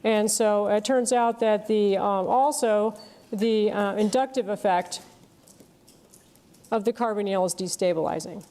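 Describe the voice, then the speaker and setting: A woman's voice: mid-range voice, unhurried, dark tone. A woman giving a university chemistry lecture, explaining step by step and often checking in with "okay?" and "right?".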